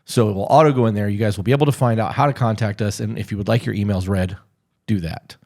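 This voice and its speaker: A man's voice: lowish voice, fairly even intonation, quick pace, a little mellow. A young man co-hosting a podcast in casual chat, sounding congested, loose and joking, swearing freely. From Tennessee. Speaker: podcast co-host.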